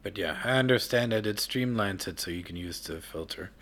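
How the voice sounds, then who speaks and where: A man's voice: lowish voice, brisk, a bit bright, a little hiss or hum. A man hosting a casual podcast interview, asking teasing, jokey questions. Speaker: podcast host.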